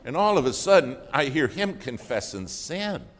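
A man preaching a sermon, telling a story with loud bursts and hushed asides. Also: mid-range voice, sing-song, normal speed.

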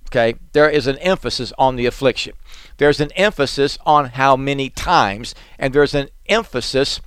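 A man's voice: mid-range voice, smooth, dry recording. A man preaching a sermon, explaining scripture earnestly and stressing key points through repetition.

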